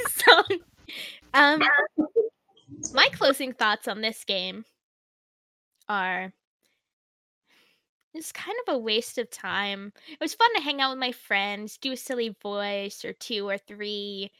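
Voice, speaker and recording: A woman's voice: a little high, sing-song, slow pace, pauses often, bright, forceful tone, dry recording. A woman co-hosting a podcast in casual chat, giggly, often trailing off into mumbles. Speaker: podcast co-host.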